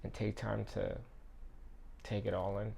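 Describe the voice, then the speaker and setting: A man preaches a casual devotional sermon in a lowish, flat voice, a little slow, over slight background noise. Though his delivery is flat, he is earnest and conversational, relies on fillers, has gravelly fry at phrase endings, and occasionally drops to a quiet hush.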